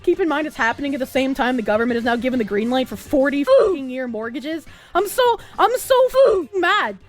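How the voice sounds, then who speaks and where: A woman streamer ranting angrily at her chat, swearing and breaking into shouts. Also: high-pitched, animated, fairly quick, faint music behind. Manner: angry, swearing, bursts into shouts.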